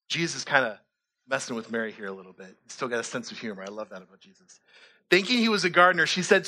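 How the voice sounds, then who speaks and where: A male pastor preaching a lively sermon, acting out little scenes and jokes as he reads scripture. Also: mid-range voice, fast talker. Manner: animated, acts out voices and jokes.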